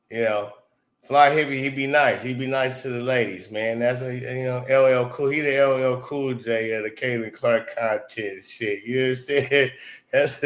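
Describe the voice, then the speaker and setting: Streamer host, man, bright mid-pitched voice, loose swearing chat, laughs easily. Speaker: livestream host. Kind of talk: casual livestream chat.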